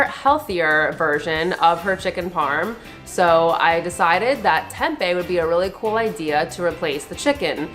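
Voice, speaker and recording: A woman's voice: lowish voice, a bit bright. A woman hosting a cooking channel, chatting in a casual, upbeat way and then walking through the recipe steps.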